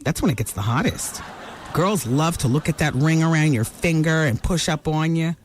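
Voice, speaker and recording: A woman's voice: sits low, animated, moderate pace. Brassy gossiping woman radio host. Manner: brassy, gossipy, teasing commentary. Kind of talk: celebrity gossip talk radio.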